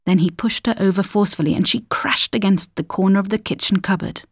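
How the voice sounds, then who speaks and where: A woman's voice: mid-range voice, fast talker, few pauses, husky, no room sound. Woman reading a story, dry close sound. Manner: calm storytelling, dropping to whispers. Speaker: narrator.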